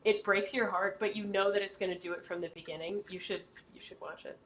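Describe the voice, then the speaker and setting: A woman's voice: mid-range voice, steady tone, quick pace, a bit bright. Giggly young woman running a tabletop game. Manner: giggly, chatty, breaks into laughter. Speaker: game master.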